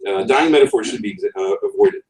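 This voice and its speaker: A man with a New England accent gives a conference talk on writing, and his pitch swings up and down with lively energy. He wanders off on wry asides and restarts his phrases. He sounds distant from the mic, with the echo of a roomy session room around him. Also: quick pace. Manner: digressive, wry, with frequent ums and restarts. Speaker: conference speaker.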